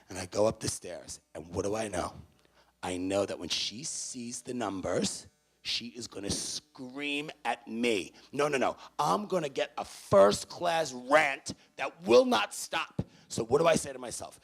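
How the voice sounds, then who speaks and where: A man giving an animated storytelling talk to parents at a university event, swinging between loud bursts and hushed moments. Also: mid-range voice, normal speed. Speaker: speaker addressing parents. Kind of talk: storytelling motivational speech.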